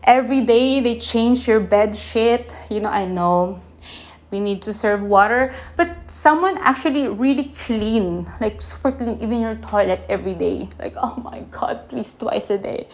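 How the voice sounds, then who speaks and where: Slow-talking woman with a higher voice. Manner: slow, soft, emotional, with pauses and laughs. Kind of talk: casual reflective monologue.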